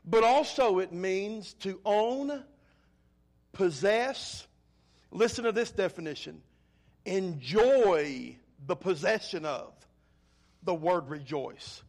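A man preaching a sermon in an earnest way, repeating key words for emphasis. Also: sits high.

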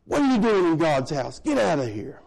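A man's voice: fairly high pitch, sing-song, normal speed, vocal fry, darkish tone, full character voice, rough recording. A man putting on the jeering voice of the enemy. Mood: taunting. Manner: taunting, jeering. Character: the taunting voice of the enemy.

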